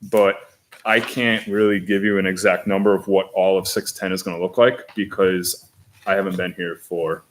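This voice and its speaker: A man at a school board meeting, explaining budget figures and talking his way through them with restarts and pauses. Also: sits low, flat delivery. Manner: hesitant, thinking aloud with restarts. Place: meeting room.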